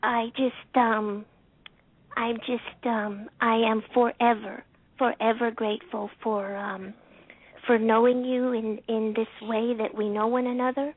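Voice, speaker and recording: Woman on a phone call, breathy voice, soft and halting and heartfelt, tinny lo-fi line. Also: on the high side. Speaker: caller. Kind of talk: emotional call-in testimony. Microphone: telephone.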